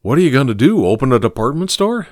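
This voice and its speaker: A man's voice: mid-range voice, sing-song, quick pace, darkish tone, no room sound, studio quality, close to an everyday voice. A man voicing a jovial clubman who brags about his five children, hearty and boastful. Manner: hearty, bragging.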